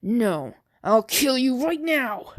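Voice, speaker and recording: A woman's voice: very animated, takes it slowly. Woman putting on a split-personality godlike teen boy, cold, menacing, sweet then threatening. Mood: split menace. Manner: swings between a high sweet tone and a low menacing whisper.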